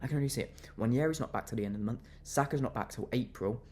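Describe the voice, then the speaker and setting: A man's voice: mid-range voice, very fast, a little mellow. Angry young man ranting about football. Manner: fuming, repetitive, venting. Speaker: football fan vlogger. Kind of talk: angry fan reaction rant.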